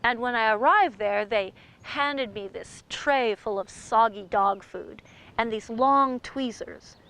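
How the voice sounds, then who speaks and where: A woman storyteller telling a tale in a playful, animated way, with sound effects. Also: a little high, takes it slowly, vocal fry, low-quality recording. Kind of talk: oral storytelling performance.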